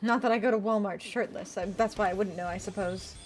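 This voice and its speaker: A woman streamer voicing a teasing, sultry motherly persona, soft and slow, while playing a card game. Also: medium pitch, steady tone, faint music behind, voice pushed down, natural voice. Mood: coy teasing. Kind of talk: live game stream commentary.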